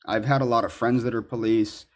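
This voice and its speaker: A man in a ranting monologue, accusatory and indignant, halting with fillers. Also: mid-range voice, steady tone, slight background noise. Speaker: commentary subject in clips.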